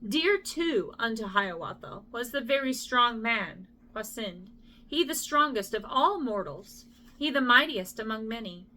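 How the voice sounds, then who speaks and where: This middle-aged woman's voice runs on the high side, bright and forceful, animated yet measured in pace. She's reading a poem as a bedtime story, tripping on tricky names and pausing for apologies and jokes at her own expense.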